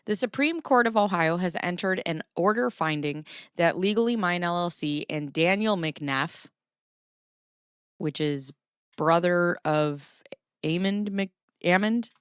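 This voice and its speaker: A woman's voice: on the low side, unhurried, clear, resonant tone, dry recording, clean studio sound. A woman hosting a casual live reaction stream, chatty and profane, rambling through stories and laughing often. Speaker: live-streaming commentary host.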